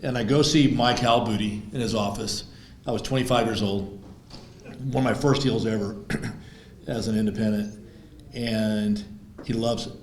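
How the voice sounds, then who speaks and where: A man's voice: fairly low pitch, fairly even intonation, normal speed, pauses often, slight background noise. A man, the guest of honor at a dinner, telling stories in a blunt, informal way with salty language. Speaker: guest of honor, oil executive. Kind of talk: casual anecdotal storytelling. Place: banquet hall. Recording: echoey room.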